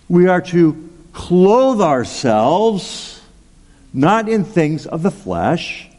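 Slow-talking preacher in a big reverberant hall. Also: male voice, medium pitch, darkish tone. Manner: storytelling, chatty, with asides and frequent "okay?" and "right?". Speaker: pastor. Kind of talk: sermon with personal story. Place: large church hall.

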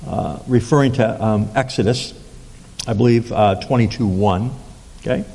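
A man preaching a sermon as a pastor, halting with many fillers and restarts. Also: vocal fry, dark tone, slightly rough. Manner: acts out quoted lines with raised pitch. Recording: long hall reverb.

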